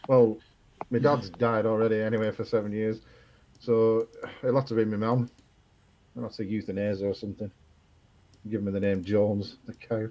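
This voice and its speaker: A man's voice: on the low side, flat delivery, normal speed, long pauses, warm tone. A man chatting as a guest on a live stream, blunt, jokey and opinionated. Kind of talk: casual live-stream chat.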